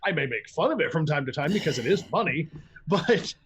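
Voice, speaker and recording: A man's voice: expressive, a little fast, fairly bright tone, slight background noise. A man speaking as a guest on a casual podcast chat, blunt and foul-mouthed, rambling through stories and jumping into quoted voices. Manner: acts out quoted voices with big pitch jumps.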